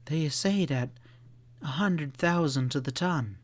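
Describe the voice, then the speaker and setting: A cool-headed, determined young woman in an audiobook western, as a male reader puts her on. Her lines sit noticeably higher than his own voice. The delivery is unhurried. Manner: raised pitch for a young woman.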